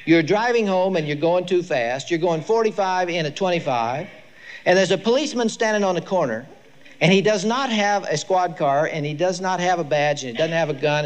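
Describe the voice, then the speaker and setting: An older man giving a lecture to a live audience, telling stories with emphasis. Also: high-pitched. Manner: storytelling, emphatic, lively delivery. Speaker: speaker on child discipline.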